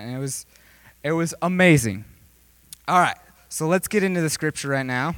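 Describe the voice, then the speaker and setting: Young male preacher, casual rambling sermon, bright tone, fairly high voice, dry sound. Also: brisk, clean tone, dry recording. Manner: rambling, filler-heavy, jokey. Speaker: youth preacher.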